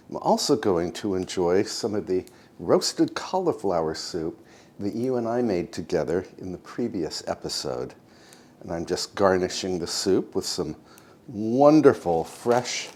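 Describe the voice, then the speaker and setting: Deep low guy doing a cozy cooking vlog, slow and soft-spoken, faint rumble in the background. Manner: soft-spoken, unhurried and homey, addressing viewers as friends. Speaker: home cooking vlogger. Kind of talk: gentle cooking vlog narration.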